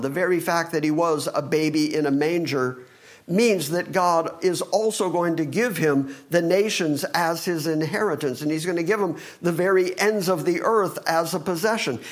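A male pastor preaching a sermon, talking fast and reading scripture with emphasis. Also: fairly high pitch.

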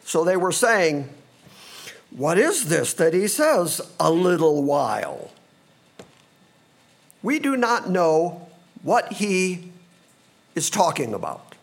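A man with a fairly high voice preaching a sermon as a pastor. His pitch swings widely as he preaches, and he sometimes acts out confused voices from the passage. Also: takes it slowly, vocal fry, pauses often. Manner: animated preaching, acting out disciples' confused voices.

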